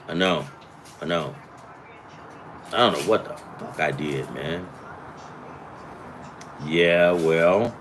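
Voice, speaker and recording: A man's voice: sits low, slight background noise. A man hosting a casual sports betting chat, rambling and profane, with self-deprecating asides. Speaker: sports betting picks host.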